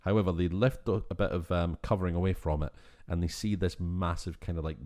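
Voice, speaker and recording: Low-voiced Scottish man, animated chat. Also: brisk. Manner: animated, exasperated, swears freely. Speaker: podcast co-host. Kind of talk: casual film-review chat.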